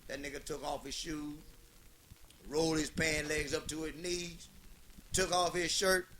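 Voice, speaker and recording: A man's voice: a little high, little pitch movement, unhurried, fairly bright tone, a little hiss or hum. A man telling a long comedic story in a rhythmic, repetitive, heavily profane way.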